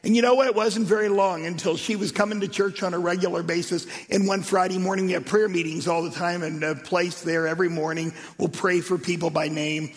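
A man preaching a sermon and telling stories in an animated way, with shouted emphasis. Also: sits high, a little fast, few pauses. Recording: echoey hall reverb.

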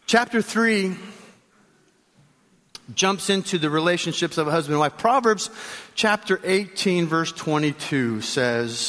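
A man's voice: a little high, normal speed, fairly bright tone. Man, pastor, sermon, joking and direct, long church reverb. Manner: conversational and joking, addresses the congregation directly.

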